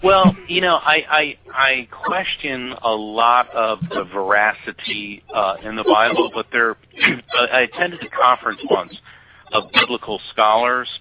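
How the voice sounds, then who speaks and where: A man guest on talk radio, an animated storyteller who laughs easily and talks expressively. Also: mid-range voice, unhurried. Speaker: guest, psychic medium. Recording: dull lo-fi radio audio.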